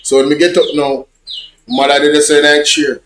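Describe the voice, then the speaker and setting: A man's voice: a little high, level tone, moderate pace, a bit bright, echoey room, a little hiss or hum. A man with a Jamaican accent, casually telling rambling, repetitive stories in patois to his online viewers. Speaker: social media vlogger. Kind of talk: casual storytelling chat.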